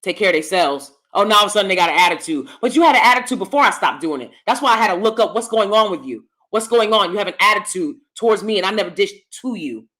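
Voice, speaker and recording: Talking to the camera on her own channel, a middle-aged commentary host is expressive and quick, with few pauses and a fairly bright tone. The casual monologue is blunt and preachy, swinging from low asides to forceful outbursts.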